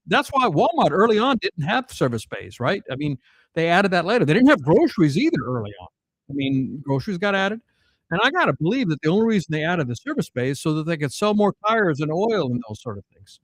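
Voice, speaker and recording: A man from South Dakota tells a long family story in casual podcast talk. His voice sits a little high and swings widely up and down as he gets animated. Fillers and restarts run all through the story, and the sound is dry and close. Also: brisk, no room sound, poor audio. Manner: animated, rambling anecdotes with fillers. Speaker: podcast guest.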